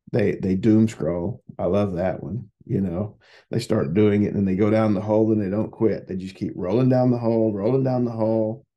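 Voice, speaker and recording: A man's voice: fairly low pitch, warm tone. A man who works as a psychotherapist, hosting a solo podcast in a rambling, conversational way that often repeats words.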